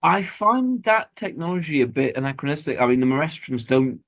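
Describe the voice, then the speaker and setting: A man's voice: a little high, lively intonation, a little fast, creaky, a bit bright. A man co-hosting a podcast in casual chat, sardonic and jokey. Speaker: podcast co-host.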